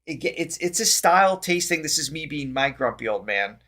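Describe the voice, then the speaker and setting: An enthusiastic male vocal coach co-hosting a music reaction podcast. His voice sits a little higher than most men's, and he is quick to laugh and stumbles over his words in his eagerness. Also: animated, pushed and bright. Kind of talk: casual music reaction chat.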